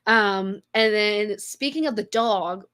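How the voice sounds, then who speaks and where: Speaking slowly in a smooth, slightly bright mid-range voice, this young podcast co-host rambles through a long story in casual chat, filling it with fillers and starting over often.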